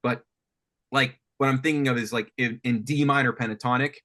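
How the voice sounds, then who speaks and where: A man coaching a student on writing guitar riffs, thinking aloud with lots of restarts and animated talk. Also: medium pitch, brisk. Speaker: music coach. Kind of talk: teaching songwriting on a call. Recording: faint guitar music behind.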